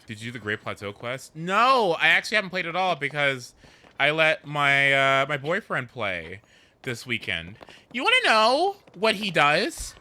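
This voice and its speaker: A man chatting casually while streaming a game, rambling and animated, with swearing and sudden whoops. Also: on the high side, moderate pace. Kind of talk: casual gameplay chat.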